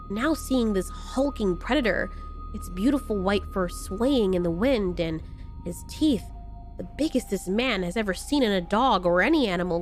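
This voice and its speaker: A woman narrating a scripted horror story in a slow, measured way with dramatic pauses. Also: medium pitch. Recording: faint background music.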